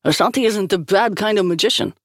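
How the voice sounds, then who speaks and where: A woman's voice: mid-range voice, brisk, no room sound, studio quality, voice pushed up, natural voice. A woman voicing an earnest male priest who pleads in a heated way.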